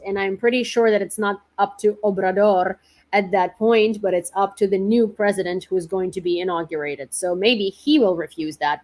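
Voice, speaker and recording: Chatty woman commentating news. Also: medium pitch. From Ukraine. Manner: chatty and informal, many fillers. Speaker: independent reporter and host. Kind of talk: casual news commentary livestream.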